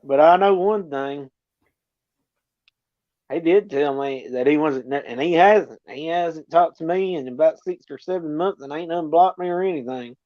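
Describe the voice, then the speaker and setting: A man with a fairly high voice rambles through casual talk, blunt and coarse. His voice comes through a dull, lo-fi line that takes the edge off it. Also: moderate pace. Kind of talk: casual chat. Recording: dull lo-fi sound.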